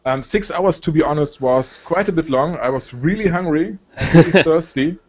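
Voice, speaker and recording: A young man from Germany with a German accent, chatting casually as a guest, relaxed and hesitant with many fillers. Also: fairly high pitch, moderate pace. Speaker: guest, game shoutcaster. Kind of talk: casual chat.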